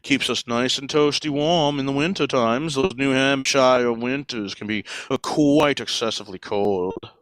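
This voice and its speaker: A man voicing a pompous, boastful wealthy male duck gentleman who talks in halting, self-important phrases. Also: mid-range voice, no room sound, lightly acted. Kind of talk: improvised comedy role-play.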